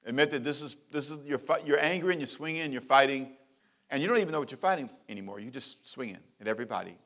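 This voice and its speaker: A middle-aged man, a pastor, preaching a sermon with emphatic repeated phrases and big swings in loudness. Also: mid-range voice, animated, fast talker.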